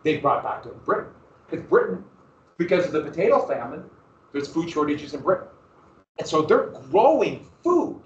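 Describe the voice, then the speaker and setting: A man's voice: on the high side, normal speed, slight background noise. Male teacher lecturing in an echoey classroom. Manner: lively, asks the class questions, restarts phrases. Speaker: history teacher. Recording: roomy, distant, dull classroom recording.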